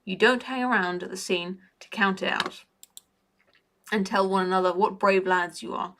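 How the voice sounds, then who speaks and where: A neat, precise middle-aged crook, as a woman reader puts him on, lecturing primly and carefully. The voice stays bright in a storybook reading. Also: medium pitch, fairly even intonation, moderate pace, a little hiss or hum, natural voice. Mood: lecturing calmly. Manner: prim and lecturing.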